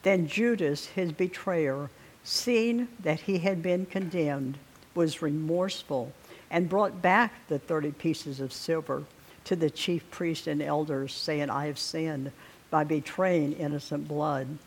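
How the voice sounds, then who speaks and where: Husky guy preaching, reads bible passages real slow. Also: a little high. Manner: slow, deliberate reading, clears throat often. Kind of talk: sermon with scripture reading.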